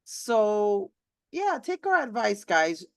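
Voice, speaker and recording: A woman's voice: medium pitch, sing-song, takes it slowly, dry recording. Chatty middle-aged woman on a dry video call. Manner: chatty, rambling, with many restarts and acted-out quotes. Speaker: host. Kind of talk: casual chat on a live video interview.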